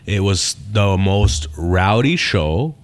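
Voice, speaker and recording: A man with a very low, deep voice, chatting casually on a podcast. He tells stories loosely and profanely, with plenty of animated energy as he talks. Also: slow, smooth. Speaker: stand-up comedian, podcast guest.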